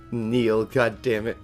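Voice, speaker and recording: A player in a tabletop game who has the hiccups, excitable and swearing, laughing often. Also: mid-range voice. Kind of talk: casual tabletop game play.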